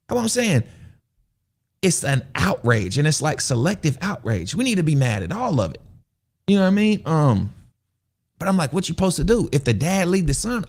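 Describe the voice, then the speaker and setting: A man's voice: on the high side, vocal fry, darkish tone. A man hosting a casual livestream, talking loosely, rambling, repeating himself and putting questions to his viewers. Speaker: show host.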